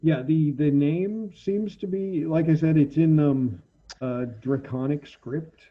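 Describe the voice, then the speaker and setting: With a slightly high voice, a man narrates as game master of a tabletop RPG, hesitating and filling gaps with ums while he describes the scene. The recording is muffled.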